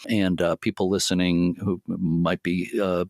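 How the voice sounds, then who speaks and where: A man hosting a podcast in a relaxed, friendly way, with many fillers. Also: low-pitched, unhurried, no echo, clean studio sound. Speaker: podcast host. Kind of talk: casual podcast chat.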